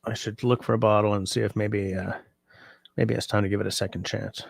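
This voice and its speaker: A sleepy, yawning man hosting a livestream, chatting casually and reading out viewer comments in a relaxed, rambling way. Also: on the low side, a little fast, vocal fry, no room sound, clean studio sound. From Canada. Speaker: livestream host.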